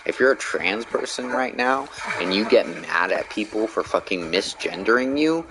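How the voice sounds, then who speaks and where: Deep-voiced man ranting bluntly. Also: expressive, moderate pace, poor audio. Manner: blunt, heavy swearing. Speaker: gaming streamer. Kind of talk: casual rant while gaming.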